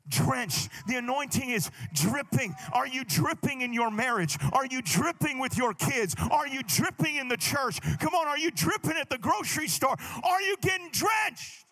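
Man in his thirties, pastor preaching a sermon with shouted emphasis; very high, bright delivery.

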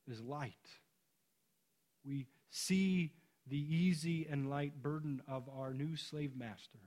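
A middle-aged man preaching a sermon. He builds to emphatic repeated questions, then drops low and slow. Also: darkish tone. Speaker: pastor.

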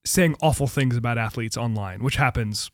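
A man hosting a casual podcast chat, steady in tone and quick with short agreeing replies. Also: medium pitch, no room sound, clean studio sound. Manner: steady, backchannels often with short yeps.

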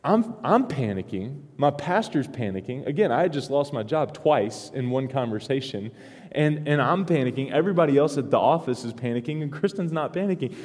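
A man's voice: medium pitch, animated, fairly quick, darkish tone. Man preaching in a reverberant hall. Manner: rambling with many restarts and chuckles. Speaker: pastor. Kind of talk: sermon storytelling. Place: church sanctuary.

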